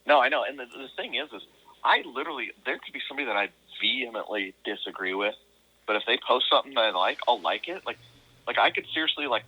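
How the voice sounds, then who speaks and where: A man's voice: medium pitch, animated, quick pace, bright, forceful tone, husky. A man talking as a podcast guest over a phone call, in rambling casual chat full of restarts and self-mocking laughs.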